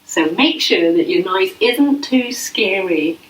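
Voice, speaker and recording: A woman leading a yoga class for children, speaking gently and playfully with coaxing questions. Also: mid-range voice, animated, slow. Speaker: yoga teacher. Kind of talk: guided kids' yoga class. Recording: echoey room, voice from a distance.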